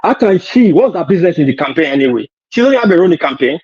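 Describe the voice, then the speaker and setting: A man's voice: fairly high pitch, big pitch swings, very fast, darkish tone, husky. A man hosting a heated political debate. He argues hard, cuts in often and stumbles over filler sounds. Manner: argumentative, interrupts, hesitant fillers. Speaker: show host. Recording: lo-fi dull audio.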